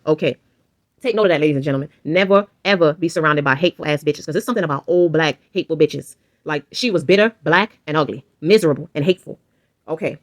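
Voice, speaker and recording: A woman telling a storytime vlog in a blunt, emphatic, profane way. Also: low voice. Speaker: vlogger.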